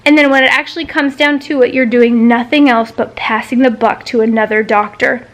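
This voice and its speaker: A woman's voice: a little high, steady tone, a little fast. A woman in her thirties venting in a personal vlog, retelling a frustrating phone call with exasperation and swearing. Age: 30s. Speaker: vlogger.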